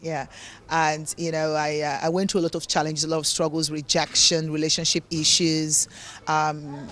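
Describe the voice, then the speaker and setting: Her voice sits low and is a bit bright, delivered flatly at a moderate pace. She's a Nigerian motivational speaker and author being interviewed, speaking in a hard-to-place mix of English, African and Italian tones. Earnest and preachy, she leans on repeated words for emphasis.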